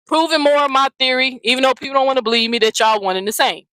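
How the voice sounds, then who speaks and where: Woman going off on her vlog, cussing a lot, kinda high voice, dry close sound. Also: fast, a bit bright, dry recording, poor audio. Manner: blunt, profane, mocking. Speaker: channel host. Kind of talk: confrontational vlog rant.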